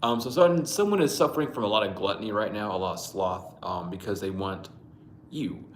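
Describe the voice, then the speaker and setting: A man's voice: on the low side, fairly quick, reverberant, slight background noise. Rambling, profane man telling dreams. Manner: rambling, profane, laughs often, greets viewers. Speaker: livestream host reading dreams. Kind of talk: casual livestream dream storytelling. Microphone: Bluetooth mic.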